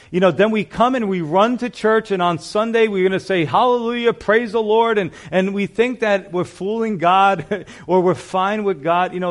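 A male pastor preaching a sermon in a conversational, storytelling way, with frequent asides to the congregation. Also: high voice.

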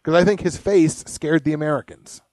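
A man riffs loosely as a podcast host, his voice sitting a little high for a man. He swears freely, rambles from point to point and laughs at his own jokes, and the sound is close and dry. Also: steady tone, moderate pace, darkish tone, no room sound. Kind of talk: casual profane podcast chat.

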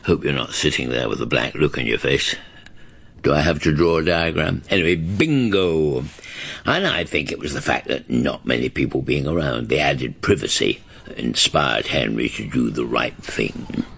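A man's voice: very deep voice, lively intonation, a little slow, creaky, a bit bright, breathy edge, no echo, heavily acted. An older man playing a fussy, theatrical grandfather in a radio comedy. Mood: chatty. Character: fussy polite elderly grandfather.

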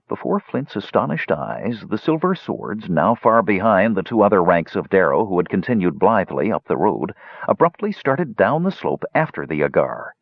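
Husky man narrating an animated fantasy tale. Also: sits low, moderate pace, no echo. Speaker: audiobook narrator. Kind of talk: scripted narration. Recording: dull, dry lo-fi recording.

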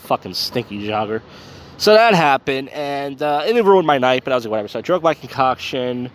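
A man's voice: medium pitch, expressive, normal speed. A drunk man rambling crudely through a self-deprecating podcast monologue outdoors on a city street at night. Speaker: podcast host. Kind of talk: casual rambling podcast monologue, live streamed.

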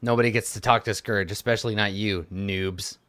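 A man's voice: on the low side, fairly even intonation, brisk, a bit bright, smooth, dry recording, voice pushed down, natural voice. A man voicing a pudgy early-teen boy who blocks the way, dismissive and blunt, in a tabletop game. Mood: smug. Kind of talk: tabletop game role-play.

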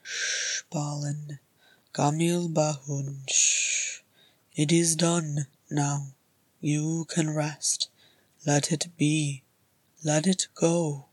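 A woman voicing a solemn dwarf king who speaks low and soothing in a storybook reading. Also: little pitch movement, very slow, pauses often, dry recording, heavily acted.

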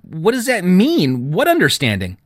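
A man's voice: sits high, wildly swooping pitch, normal speed, no room sound, studio quality, voice pushed up, exaggerated voice. A man as an anxious teenage boy. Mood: worried. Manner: earnest, pleading.

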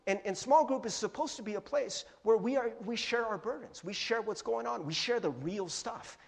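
A man's voice: sits high, normal speed, creaky. A young adult man preaching a sermon as pastor, casual and joking, acting out little voices. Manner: animated, joking, acts out voices. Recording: long hall reverb.

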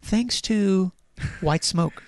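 Slow-talking woman co-host, dry and close. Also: medium pitch, a little mellow, dry recording. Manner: giggly, chatty. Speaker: podcast co-host. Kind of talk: casual chat.

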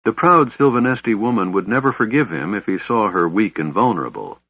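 A man narrates a fantasy audiobook with a lowish, husky voice and measured pacing. The recording is dry and a bit dull, with no room sound. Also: lively intonation, no room sound.

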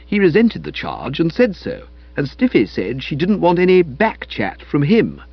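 A man narrating a comic novel aloud in a wry, lively storytelling manner. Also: fairly high pitch, moderate pace, creaky, slightly rough, dry recording, highs cut off. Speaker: audiobook narrator.

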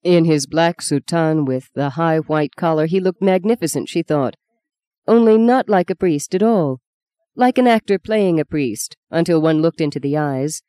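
A reader narrating an audiobook in a measured, even storytelling manner. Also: medium pitch, no room sound.

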